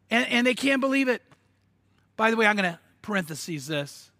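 High, bright-voiced male preacher. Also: moderate pace, vocal fry, no echo, clean studio sound. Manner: animated storytelling with stammered restarts and sudden emphatic outbursts. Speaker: pastor. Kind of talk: sermon.

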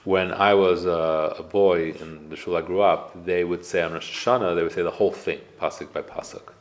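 A man's voice: deep voice, fairly even intonation, fairly quick. A man teaching a casual Torah class, explaining prayers with rhetorical questions. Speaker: rabbi giving a class.

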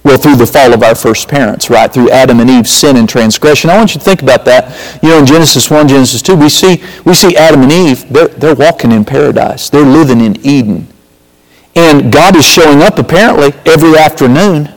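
Guy preaching in church, kinda high voice, lots of amen and praise god, big echoey hall. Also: a little fast. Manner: emphatic preaching with call-outs and repeated phrases. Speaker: pastor. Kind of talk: sermon. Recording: reverberant hall.

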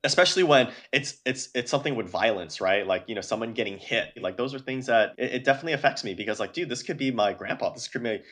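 A man's voice: mid-range voice, animated, fast talker, few pauses, a bit bright. An American man speaking as a news outlet guest in a casual interview, earnest and filling his talk with like and you know. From United States.

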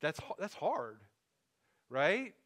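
Man, pastor, conversational sermon, restarts and asides, slightly high voice. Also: big pitch swings, slow, a bit bright.

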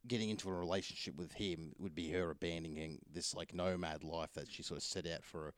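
A man's voice: low-pitched, steady tone, a little fast, no room sound. A man chatting casually about films, rambling with lots of fillers and restarts. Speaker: film reviewer. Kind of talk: casual film review chat.

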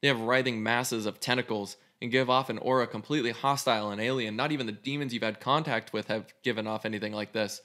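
A man's voice: medium pitch, fairly even intonation, quick pace, few pauses, sharp tone. A man casually reading an interactive adventure story aloud as host, with a loose, swearing delivery. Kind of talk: reading a choose-your-own story aloud.

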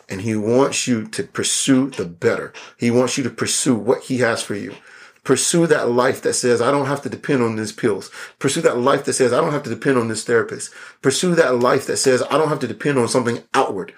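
A young man preaching a casual, conversational sermon, animated and full of asides. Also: mid-range voice.

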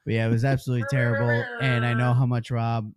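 A man's voice: medium pitch, little pitch movement, quick pace, a little hiss or hum. A man who produces a podcast, easygoing and self-mocking in casual chat.

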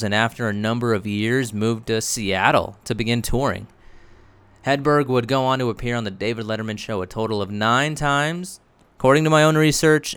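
A man giving scripted narration for a video essay in a measured, explanatory way. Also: mid-range voice, a bit bright, clear, resonant tone, no echo.

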